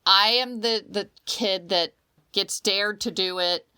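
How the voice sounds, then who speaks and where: A woman's voice: medium pitch, slow, clean tone. A woman co-hosting a podcast in casual chat, telling stories expressively with frequent restarts. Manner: expressive, restarts often, animated storytelling. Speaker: podcast co-host.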